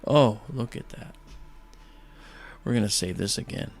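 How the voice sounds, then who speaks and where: A gravelly-voiced man hosting a livestream in a relaxed, chatty way. He talks with plenty of fillers and open enthusiasm. Faint music plays behind him. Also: fairly low pitch, measured pace. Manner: chatty, many fillers, enthusiastic about space. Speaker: livestream host. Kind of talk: casual storytelling.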